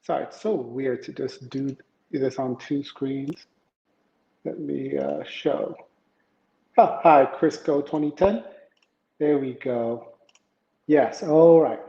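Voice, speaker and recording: Slow and mellow, this tech livestream host speaks in a mid-range voice with vocal fry and frequent pauses. He rambles chattily through the news, says hi to viewers in chat, and leans on fillers. Recorded at home on an iPad camera and PC, the sound is echoey, dull and lo-fi.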